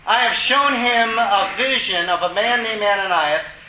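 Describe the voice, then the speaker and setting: A preacher reading the solemn voice of the Lord. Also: male voice, sits high, measured pace, sharp tone, echoey room, slight background noise, exaggerated voice, low-quality recording. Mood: commanding.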